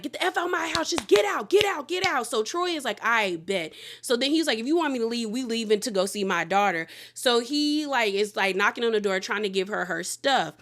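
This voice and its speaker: Woman, fairly high voice, casual recap host, blunt and gossipy, acts out quotes. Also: a bit bright.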